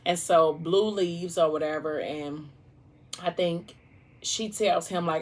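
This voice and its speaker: A woman vlogger with a lowish voice speaks slowly while eating, casually retelling a novel's plot. She rambles and leans heavily on fillers like "like" and "you know."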